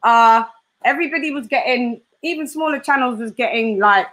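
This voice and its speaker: A woman interviewing a guest in casual chat, animated and laughing often. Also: fairly high pitch, moderate pace. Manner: animated, laughs often, does voices for quotes.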